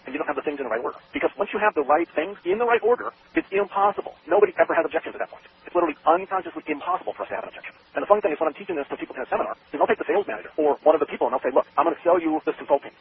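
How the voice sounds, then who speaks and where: A man talks at a rapid clip, his pitch jumping around as he acts out a sales talk, with a gravelly edge to his voice. He comes through a tinny phone line with faint hiss behind him. It is an interview about sales. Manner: fast, animated, acts out both sides of a sales talk. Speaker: sales trainer. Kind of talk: interview answers, explaining a sales method.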